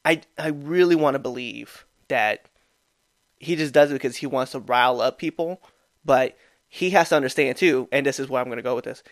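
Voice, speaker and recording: A man's voice: mid-range voice, no echo, studio quality. A man co-hosting a casual sports podcast, talking loosely with many fillers and restarts. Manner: loose, rambling, lots of fillers. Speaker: podcast co-host. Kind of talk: casual chat.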